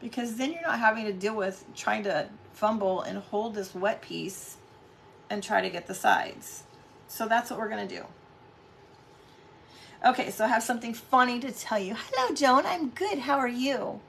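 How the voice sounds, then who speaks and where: A woman's voice: a little high, normal speed, creaky, a bit bright, slight background noise. A middle-aged woman hosting a casual live craft stream at home, chatting with viewers and greeting them by name.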